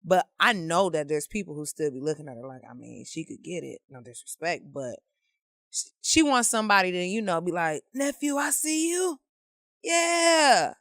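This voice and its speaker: A woman guest on a casual podcast, calmly reasoning through her opinion in a debate. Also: deep voice, fairly quick, gravelly, dry recording, studio quality.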